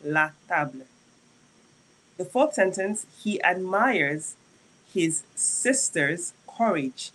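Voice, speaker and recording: A French teacher giving a live-streamed lesson, chatty and checking in with viewers often, slowing down to spell out French example sentences. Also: medium pitch, lively intonation, sharp tone, low-quality recording.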